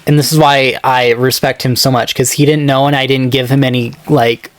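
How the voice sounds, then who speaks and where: Man, podcast co-host, casual storytelling, filler-heavy, mid pitch, dry recording. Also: little pitch movement, fairly quick, dry recording. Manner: rambling, filler-heavy, acts out quoted texts in a higher voice.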